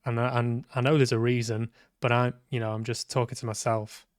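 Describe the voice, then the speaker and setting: A man's voice: mid-range voice, little pitch movement, a little fast, clean tone, no echo, studio quality. A man giving sweary, sarcastic live commentary on a game he is playing, talking back at the characters. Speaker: game streamer. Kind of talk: live let's-play commentary.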